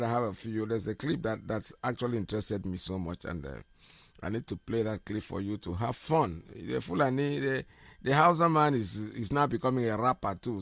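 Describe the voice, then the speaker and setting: A man's voice: mid-range voice, creaky, a bit bright, no echo, clean studio sound. A middle-aged man hosting a live radio show, speaking emphatically, repeating words and often laughing.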